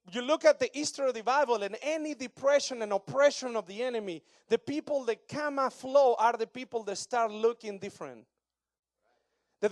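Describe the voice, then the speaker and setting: Argentine pastor guy in his 30s, spanish accent, high voice, jokey animated sermon, dry sound. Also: dry recording. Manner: animated, joking with the congregation, broken English.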